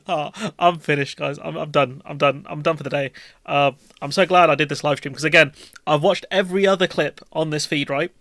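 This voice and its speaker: Male streamer, slightly higher voice, flat delivery, jokey and slangy, dry close sound. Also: normal speed, no room sound. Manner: jokey, rambling, slangy, speaks in memes. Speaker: live-stream host. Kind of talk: casual live-stream chat with viewers.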